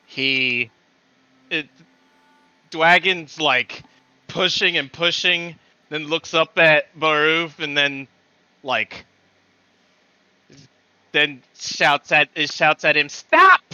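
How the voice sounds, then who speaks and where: A man taking part as a player in a tabletop game, narrating his character's actions in a halting way. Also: on the high side, pushed and bright, clean tone, dry recording, muffled recording.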